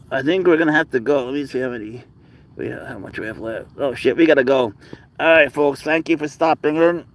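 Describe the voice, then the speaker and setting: A man hosts a casual live stream at a mid pitch, rambling through his stories the way he would with a friend. Between the stories he slips into soft baby talk for his cat. The tone stays easygoing and unscripted. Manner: rambling, conversational storytelling. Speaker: livestream host and pet owner; teacher.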